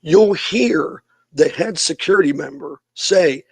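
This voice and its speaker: Gravelly middle-aged man telling a story. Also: a little high, moderate pace, no echo. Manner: animated storyteller, acts out quoted people. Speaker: youth minister, podcast guest. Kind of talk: casual interview storytelling.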